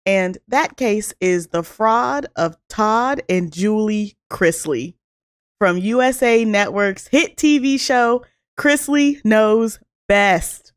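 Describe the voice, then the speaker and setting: A woman's voice: medium pitch, expressive, slow pace, no room sound, clean studio sound. Giggly Southern woman telling a story. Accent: Southern American. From American South. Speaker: podcast co-host. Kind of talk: casual chat and storytelling.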